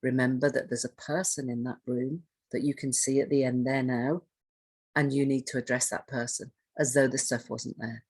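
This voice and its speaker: Husky low-voiced woman presenting. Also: level tone, normal speed, darkish tone. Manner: conversational, asks the audience questions, restarts phrases. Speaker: trainer on hoarding and self-neglect. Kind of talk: training presentation.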